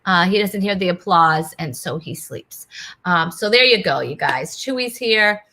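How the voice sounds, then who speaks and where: A woman's voice: on the low side, expressive, unhurried, bright, forceful tone. A woman hosting a casual live online talk show, chatty and bubbly, laughing often as she greets viewers. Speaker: host. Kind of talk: casual live-stream chat.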